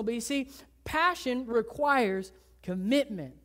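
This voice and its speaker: A woman pastor with a fairly high voice delivers a sermon in a church. She talks to her congregation in a conversational way, acting out the people she describes. Her delivery swings from loud, emphatic lines to hushed, low ones. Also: lively intonation. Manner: conversational, acts out people in quick asides.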